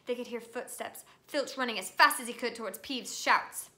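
A woman reading a novel aloud to students with lively, expressive storytelling. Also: on the high side, moderate pace. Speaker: reader.

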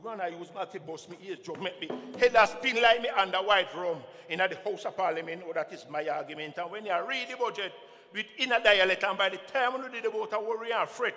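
A Jamaican man with a high, bright, ringing voice performs rhythmic dub poetry on a festival stage. He chants refrains and swings between loud calls and hushed lines. A long hall reverb trails every phrase. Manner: chanting, call-and-response, animated shifts between loud and hushed. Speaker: poet performer.

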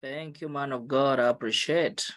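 A man's voice: mid-range voice, steady tone, moderate pace, a bit bright. A man joining an online prayer meeting late, speaking hesitantly with many fillers, drowsy. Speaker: prayer group member. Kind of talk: casual apology. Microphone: video call.

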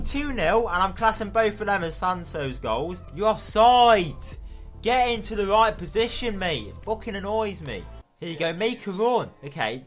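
Young British lad, gameplay commentator, a touch high-pitched, excitable and sweary, quiet game music behind. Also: male voice. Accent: British English. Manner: excitable, swearing, shouting at the ref. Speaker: gaming video host.

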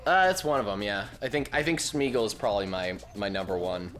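A man's voice: on the low side, fairly quick, over music. A man co-hosting a casual gaming video, chatting and joking and breaking into silly character voices. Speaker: gaming channel co-host. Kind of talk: casual gameplay chat.

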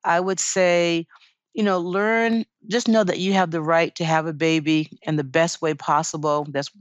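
A woman's voice: lowish voice, fairly even intonation, normal speed, no room sound, muffled recording. Earnest, encouraging woman midwife. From United States. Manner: earnest, encouraging, many "you know" fillers. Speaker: midwife guest. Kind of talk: podcast interview advice.

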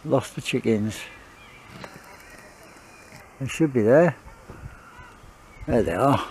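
A man talks his way through his allotment garden in an unhurried, mellow voice, filmed on a handheld camera outdoors. Faint outdoor noise sits behind him as he chats to the viewer and coaxes his dog. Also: lively intonation. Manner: chatty, talks to his dog in a high coaxing voice. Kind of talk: casual vlog narration.

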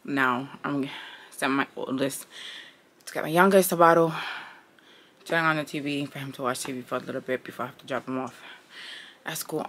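Her voice is very deep yet fairly bright, steady in tone, a little fast, with long pauses, and a bit of hiss or hum in the audio. She's a thirtysomething stay-at-home mom vlogging casually at home, rambling in slang and slipping into whispers during chores.

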